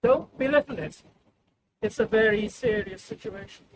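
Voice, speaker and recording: A man preaching a sermon in a high, lively voice that climbs and falls, acting out the people of the story. He takes his time, and his voice has a gravelly edge. The recording carries clear leftover noise from heavy filtering. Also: moderate pace. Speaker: pastor. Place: church service, sound reduced. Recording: background noise, wind filtered out.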